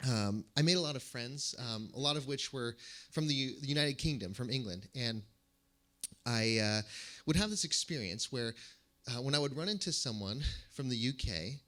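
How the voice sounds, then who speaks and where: A man, a pastor, giving a sermon with animated storytelling and gentle humor. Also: mid-range voice, moderate pace. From United States.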